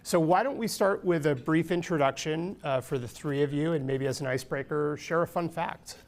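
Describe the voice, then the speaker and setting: A man's voice: fairly high pitch, moderate pace, a faint crowd, slight background noise. A man from California hosting a live panel discussion on a conference stage, speaking steadily with frequent ums and restarts. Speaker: panel moderator. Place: conference stage before an audience.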